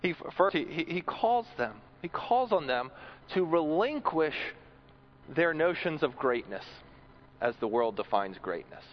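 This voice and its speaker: A man's voice: on the high side, very animated, measured pace, slight background noise. Male preacher, earnest sermon delivery with repeated words, muffled lo-fi recording. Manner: earnest, repeats words when building a point.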